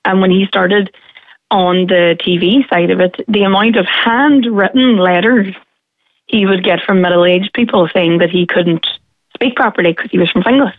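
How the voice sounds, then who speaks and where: A woman's voice: medium pitch, steady tone, moderate pace, no echo. Northern Irish woman, caller, earnest and forthright, phone-line sound. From Derry, Northern Ireland. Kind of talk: radio phone-in chat.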